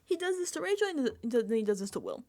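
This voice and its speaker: A young woman recapping a reality show in casual reaction commentary, animated and laughing with exasperated asides. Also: sits high, quick pace.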